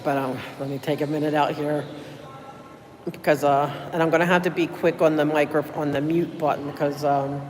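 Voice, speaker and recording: This is a livestreamer talking casually to viewers from inside a city hall, sounding worn out from a short night. The talk rambles, full of fillers and warm thanks. The pitch sits in the middle, with a faint hiss of background noise. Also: flat delivery, moderate pace. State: tired, running on little sleep. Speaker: livestreamer at a public meeting. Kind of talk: casual live chat with viewers. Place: city hall building, indoors.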